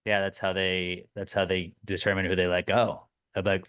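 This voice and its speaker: A man co-hosting a podcast in casual chat, animated and swearing freely. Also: low-pitched, normal speed, few pauses, smooth. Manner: animated, swears often, voices people mid-story. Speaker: podcast co-host.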